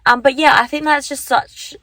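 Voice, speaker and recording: A woman's voice: high voice, fairly even intonation, moderate pace, a bit bright, dry recording. Young woman chatting into her phone in the car, rambly, lots of likes, dry close sound. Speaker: vlogger. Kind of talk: casual chat to camera. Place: parked car. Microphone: handheld phone.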